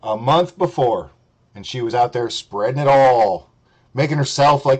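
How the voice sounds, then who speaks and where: A man's voice: medium pitch, normal speed. Profane, mocking male streamer. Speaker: streamer host. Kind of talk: ranting commentary stream.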